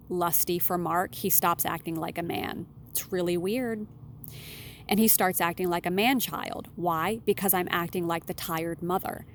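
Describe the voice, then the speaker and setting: Blunt, candid woman giving relationship advice. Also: slight background noise. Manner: blunt, candid, swears casually; animated, with sudden emphatic jumps in pitch. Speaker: romance and relationship consultant. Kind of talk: solo advice monologue.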